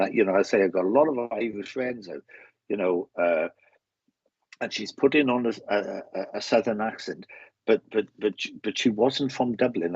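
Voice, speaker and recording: A Welsh man with a husky, slightly muffled voice, sounding dry and close to the mic. He gives live readings with halting speech, repeating words and restarting his sentences. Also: lowish voice, no room sound. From Wales. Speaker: medium giving live readings. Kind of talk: live-stream readings to viewers.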